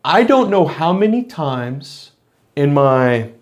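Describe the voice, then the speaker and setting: A man's voice: a little high, big pitch swings, takes it slowly. A middle-aged man, a former police officer, talking earnestly in a reflective monologue to camera, explaining his points with frequent restarts.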